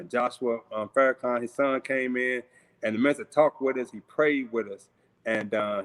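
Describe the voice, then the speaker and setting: Middle-aged man telling a personal story. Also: medium pitch. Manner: conversational, repeats words, acts out voices in quotes. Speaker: guest. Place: home, remote video call. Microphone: video call.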